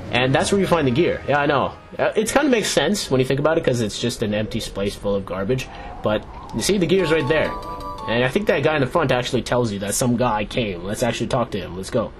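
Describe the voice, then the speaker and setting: A man's voice: mid-range voice, expressive, brisk, music in the background. A young man hosting a video game playthrough, chatting casually and rambling as he reads the on-screen dialogue aloud. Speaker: Let's Play host. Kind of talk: casual gameplay commentary.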